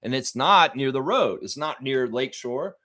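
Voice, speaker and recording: A man's voice: medium pitch, animated, moderate pace, pushed and bright. A man with a profane, heated manner, hosting a live reaction stream and reading out viewer comments. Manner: reads viewer comments aloud.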